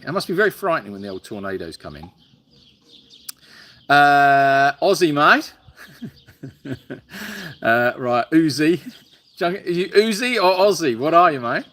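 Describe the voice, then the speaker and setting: A tired man talks outdoors into a phone held up for a live stream, with a bright, forceful voice. He rambles along, stalling on fillers and repeats as he answers viewers from the sanctuary. Animals and birds can be heard faintly behind him. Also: medium pitch. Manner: rambling, halting with many fillers. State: tired and hot. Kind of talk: casual live-stream chat reading viewer comments.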